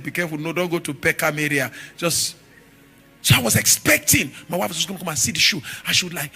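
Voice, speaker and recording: A man preaching a sermon, telling stories with animated shifts from shouts to murmurs. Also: sits high. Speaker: pastor.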